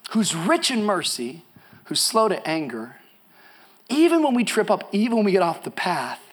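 A man preaching a sermon at a church service, moving from soft, quiet storytelling to loud, shouted declarations. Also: high voice, very animated, moderate pace. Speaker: pastor.

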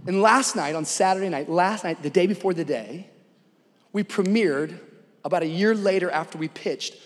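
A male pastor preaching a sermon, moving from conversational storytelling to loud, urgent exhortation. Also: high voice, moderate pace, in a large hall.

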